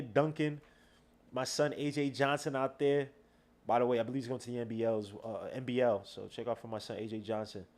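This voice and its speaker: A man hosting a casual game watch-along podcast, talking loosely with slang and trash talk. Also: mid-range voice. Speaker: podcast host.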